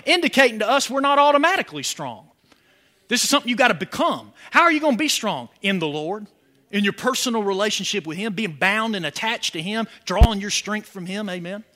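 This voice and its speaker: With a high, sharp voice moving a little fast, a pastor delivers an expressive sermon. He asks the congregation questions in call-and-response fashion and builds with rising emphasis to emphatic points.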